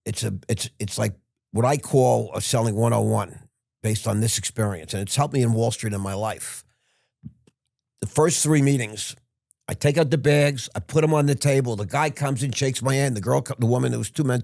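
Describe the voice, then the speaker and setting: Gravelly man in his sixties telling stories. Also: lowish voice, a little mellow, no echo, clean studio sound. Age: 60s. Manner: rambling, frank storyteller with frequent restarts and swearing. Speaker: podcast guest. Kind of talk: casual interview storytelling.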